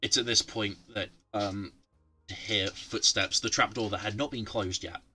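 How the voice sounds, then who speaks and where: A man's voice: fairly low pitch, fairly even intonation, normal speed, sharp tone, faint music behind. A man running a tabletop game from home, narrating with many ums and restarts. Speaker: game master.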